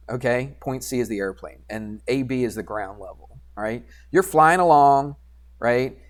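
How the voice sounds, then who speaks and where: A man teaching a geometry class, chatting casually while he works drawing software, quizzing students and answering his own questions. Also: medium pitch. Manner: conversational, asks students questions and answers himself; talks while working drawing software, mutters asides. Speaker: math teacher.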